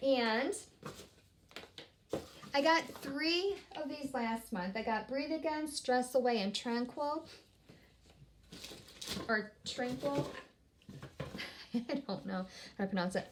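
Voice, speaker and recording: A woman's voice: high-pitched, expressive, measured pace, long pauses, noisy background. A woman chatting casually at home while she unboxes products, bubbly and rambling, often trailing off and restarting her sentences. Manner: bubbly and upbeat. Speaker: vlogger.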